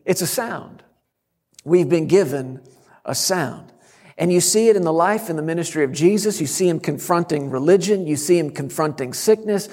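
Give me a middle-aged male preacher with a somewhat high voice who tells stories and shouts out his key lines. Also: animated, normal speed, long reverb tail. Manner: storytelling with sudden loud shouts. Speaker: guest preacher. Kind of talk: sermon.

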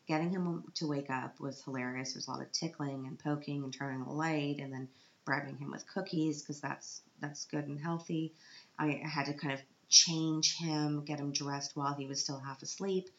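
Speaking at a moderate pace, a parent vlogger in her thirties uses a low, slightly bright voice with fairly even intonation. She's close to tears while telling a dramatic, self-mocking story about her child, in roomy, dull lo-fi sound.

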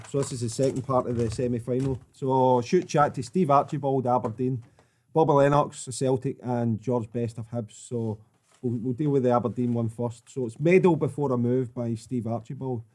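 A man hosting, reading through his notes in a steady, matter-of-fact way. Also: mid-range voice, a little fast. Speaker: host. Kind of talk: reading notes aloud and chatting.

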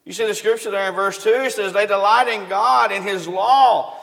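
In a church hall with long reverb, a drawling preacher with a fairly high, slightly bright voice gives a homespun, folksy sermon, repeatedly asking the congregation questions. His intonation is fairly even, his pace normal, and there's vocal fry in his delivery.

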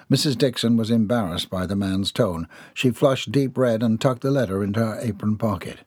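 Husky male audiobook narrator. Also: fairly low pitch, normal speed, a little mellow, dry recording, clean studio sound. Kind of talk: scripted narration.

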